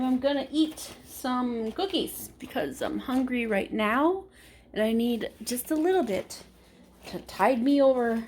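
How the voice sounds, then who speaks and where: A woman's voice: on the high side, lively intonation, unhurried, a little mellow, a little hiss or hum. A woman vlogging casually from her kitchen at home, chatty and rambling, correcting herself as she goes. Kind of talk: casual vlog chat.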